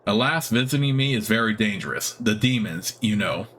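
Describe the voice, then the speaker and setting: A man's voice: lowish voice, expressive, moderate pace, a bit bright, a little hiss or hum. A man voicing an elderly, lonely male wizard who is eager and talkative, read aloud from a game's dialogue. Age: older.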